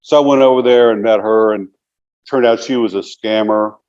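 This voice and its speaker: A man's voice: lowish voice, steady tone, moderate pace, darkish tone, clear, resonant tone, lo-fi sound. A man in his sixties, an interview guest telling long casual stories, rambling and filling them with "you know". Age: 60s.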